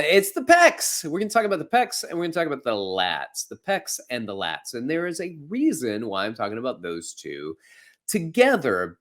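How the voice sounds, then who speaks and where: A man hosts a fitness podcast and walks through anatomy in an easygoing, conversational way. His pitch swings widely as he talks. He slips playful jokes in between the explanations. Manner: playful, jokey asides while explaining. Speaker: podcast host and fitness instructor. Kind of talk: casual educational explanation.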